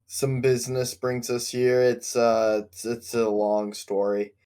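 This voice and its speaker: Slow-speaking hesitant male player. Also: mid-range voice, monotone, warm tone, clean tone. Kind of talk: playing a tabletop game.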